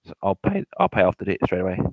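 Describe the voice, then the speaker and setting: A man's voice: sits low, very animated, fast, creaky, no room sound, poor audio. A man giving property investment advice in a rambling, repetitive way, often correcting himself and speaking straight to the listener. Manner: repetitive, self-correcting, addresses listener directly. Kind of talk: rambling informal lecture.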